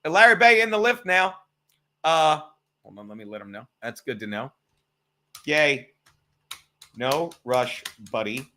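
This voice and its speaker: A man's voice: fairly high pitch, animated, unhurried, long pauses, sharp tone. A man hosting a live stream, rambling and sarcastic, swearing often as he tells stories and reads chat. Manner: rambling, profane, sarcastic storytelling. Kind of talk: casual livestream chat.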